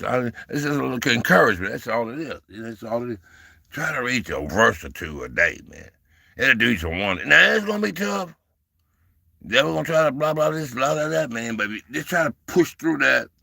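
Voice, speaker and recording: A man's voice: fairly high pitch, vocal fry, pushed and bright, dry recording, clean studio sound. A man in his sixties hosting a casual livestream, speaking in a folksy, preacher-like way, calling viewers baby and brother, and getting fired up and playful with his chat. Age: 60s. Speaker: livestream host.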